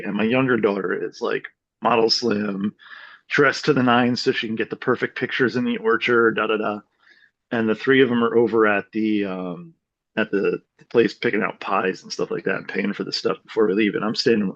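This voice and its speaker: A man in a group call telling a funny story, animated and swearing freely. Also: on the low side, fairly quick, creaky, dull audio. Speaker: group member. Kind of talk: casual storytelling.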